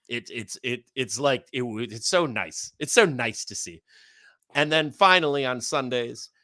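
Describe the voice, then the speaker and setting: A man with a bright, forceful voice chatting on a wrestling livestream. He rambles through plugs in an upbeat way, laughing between lines. The sound is dry and close. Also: medium pitch, dry recording. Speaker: podcast co-host and wrestler. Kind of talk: casual livestream chat.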